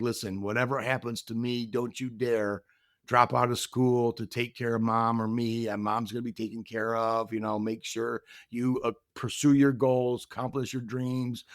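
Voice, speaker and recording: A man's voice: medium pitch, little pitch movement, moderate pace, fairly bright tone. A middle-aged man speaks as a podcast guest, telling a personal story in an earnest, reflective way. He acts out the other people's lines as he goes. His voice sits in an ordinary mid range and sounds dry and close, with no room echo.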